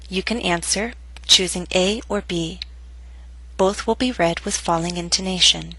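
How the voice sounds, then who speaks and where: A woman teaching English pronunciation, reading lesson steps slowly and carefully and modeling each phrase. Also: lowish voice, bright, forceful tone, no echo, poor audio. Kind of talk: slow, careful lesson narration.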